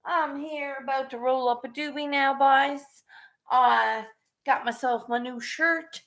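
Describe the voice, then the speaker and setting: Slow, laid-back woman. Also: high voice, fairly even intonation, fairly bright tone. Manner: laid-back, chatty, greets viewers by name. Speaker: live stream host and artist. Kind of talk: casual live stream chat.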